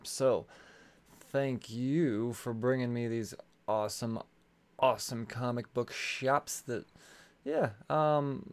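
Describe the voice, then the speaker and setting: A man's voice: mid-range voice, darkish tone, clean tone. A man hosting a podcast, reading sponsor ads in a loose, rambling way, swearing and tripping over his words. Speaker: podcast host. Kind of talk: casual solo podcast ad read.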